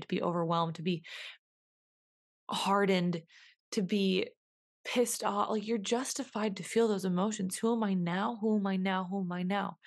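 Woman podcaster thinking out loud, mid pitch, keeps repeating herself, reflective. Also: creaky. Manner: musing, repeats phrases, self-questioning. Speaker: podcast host. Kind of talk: reflective solo podcast monologue.

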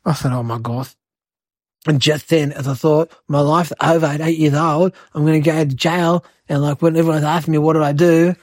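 A woman's voice: deep voice, steady tone, brisk, darkish tone, dry recording. A woman voicing a cheeky eight-year-old boy who hosts and tells rambling, exaggerated tall tales. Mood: excitable. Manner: rambling, breathless, childlike exaggeration. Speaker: host. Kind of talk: comic storytelling monologue.

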